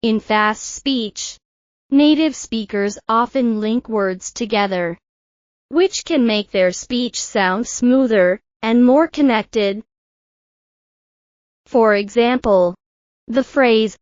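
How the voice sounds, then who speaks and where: A woman teaching English pronunciation in a scripted lesson, speaking slowly and carefully over-articulating each example word. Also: fairly high pitch, dry recording, muffled recording.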